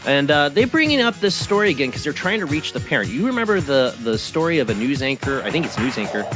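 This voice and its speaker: A man's voice: fairly high pitch, big pitch swings, quick pace, over music. A man hosting a live webcast talk show, chatting in a rambling way and reading a news article aloud. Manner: chatty and rambling, with many fillers and restarts. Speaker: host.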